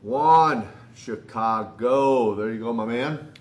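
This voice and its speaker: A man's voice: medium pitch, slow pace. A man in his sixties, a retired wrestler chatting as a guest on a live signing stream, laughing often and greeting fans. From United States. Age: 60s. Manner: laughs often, warm shout-outs to fans. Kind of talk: casual chat.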